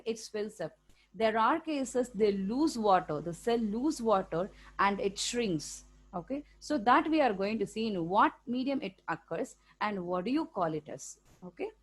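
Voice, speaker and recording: A woman with an Indian English accent teaching a school science lesson, explaining step by step and often checking in with "okay?". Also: a little high. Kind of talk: classroom lecture for students.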